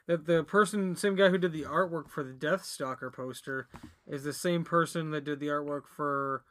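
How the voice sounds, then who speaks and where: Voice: medium pitch, normal speed, a bit bright. A podcast co-host reviewing a movie in casual banter, rambling and giggly, with lots of fillers.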